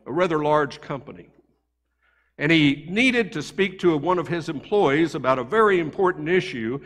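Storytelling pastor, higher voice, church echo. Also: male voice. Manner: conversational, animated anecdotes. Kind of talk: sermon storytelling. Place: church sanctuary.

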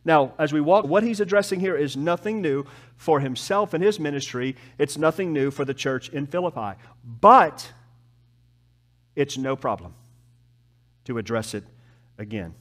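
A man preaching a sermon as pastor, with emphatic rises and soft, slow, drawn-out drops. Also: on the high side, expressive. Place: church.

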